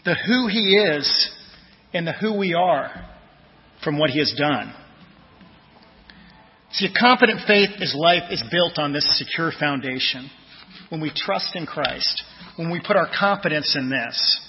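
A man's voice: fairly high pitch, lively intonation, measured pace, pauses often. Man preaching in a reverberant hall. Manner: conversational, tells personal stories, trails off softly at phrase ends. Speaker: pastor. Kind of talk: sermon. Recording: dull lo-fi audio with long church reverb.

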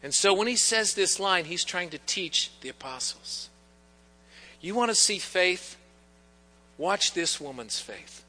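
A man's voice: sits high, lively intonation, unhurried, sharp tone. A man preaching a sermon to his congregation, talking in a conversational way with teasing asides. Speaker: pastor. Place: church sanctuary. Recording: long church reverb.

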